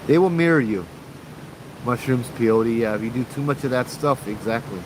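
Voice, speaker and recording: A man's voice: mid-range voice, lively intonation, moderate pace, a little hiss or hum, poor audio. A man with a Hawaiian Pidgin accent hosting a casual livestream, telling stories and reading out viewer comments. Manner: chatty, reads viewer comments aloud, frequent "right?". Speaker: paranormal show host.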